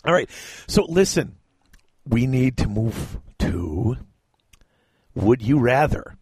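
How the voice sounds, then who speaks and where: Host, man, mid voice, dry close sound, relaxed and in charge. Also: mid-range voice, takes it slowly, husky, no room sound. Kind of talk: casual podcast chat.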